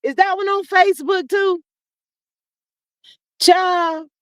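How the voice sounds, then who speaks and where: A woman hosting a casual livestream, reading chat comments aloud and riffing on them with sassy, animated commentary, calling viewers "child" and "honey.". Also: extremely high pitch, slow, no echo.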